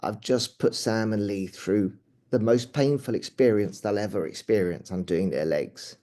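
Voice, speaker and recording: A middle-aged man, a paramedic, recounting a personal experience in an interview, halting and earnest with frequent restarts, often dropping quiet. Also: lowish voice. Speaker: paramedic guest.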